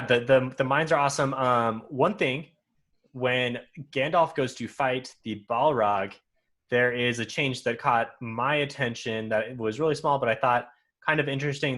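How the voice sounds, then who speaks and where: A man co-hosting a book podcast, with a mid-range voice and a relaxed, conversational delivery. He explains his views at length, often restarting phrases as he thinks. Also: mid-range voice. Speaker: podcast co-host. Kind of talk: casual book discussion.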